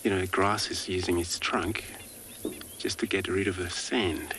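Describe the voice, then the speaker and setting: A man's voice: low voice, normal speed, slight background noise. A man working as a safari guide, giving live wildlife commentary outdoors in a loose, easygoing way full of filler words. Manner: relaxed, many filler words.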